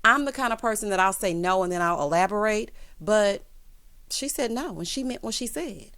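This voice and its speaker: A woman's voice: medium pitch, moderate pace. A woman giving casual, sassy recap commentary on a reality TV episode, calling viewers honey and y'all. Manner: sassy, animated, quotes others in voices.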